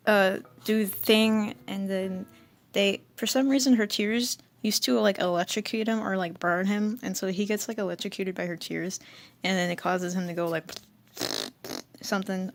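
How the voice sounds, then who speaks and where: Hosting her channel, a woman with a mid-range voice works through an old comic in a loose, rambling commentary, giggling and mocking herself along the way. There is slight background noise.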